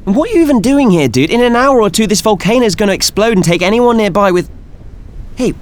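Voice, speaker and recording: Man voicing a young woman scientist, nasal, very high, loud, childlike glee, slangy. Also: animated, quick pace. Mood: excited. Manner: gleeful, breathless, casual slang. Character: young woman scavenger scientist, excitable, cheeky.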